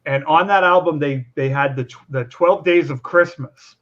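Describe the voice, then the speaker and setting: A Canadian man in his fifties hosting a casual livestream chat, talking in quick, laughing asides. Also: a little high, a bit bright, lo-fi sound. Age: 50s. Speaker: livestream host.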